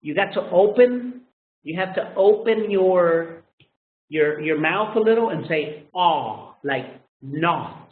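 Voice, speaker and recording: A man's voice: a little high, lively intonation, a little hiss or hum. A man teaching English pronunciation, speaking natively, who drills vowel sounds over and over and keeps checking with "okay?". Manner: slow, repetitive, drills sounds with frequent "okay?". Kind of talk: classroom lesson explanation. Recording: echoey room on a tinny lo-fi line.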